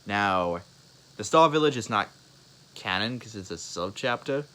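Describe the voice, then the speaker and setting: A young man improvising a spoken fan story, halting and rambling, with many restarts and fillers. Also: fairly low pitch, expressive, bright, forceful tone, slight background noise, rough recording.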